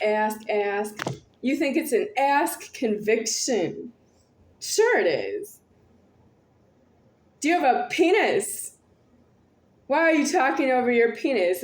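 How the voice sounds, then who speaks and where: A woman's voice: fairly high pitch, slight background noise. A woman talking to camera in a rambling monologue, repeating and circling her phrases insistently. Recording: roomy echo.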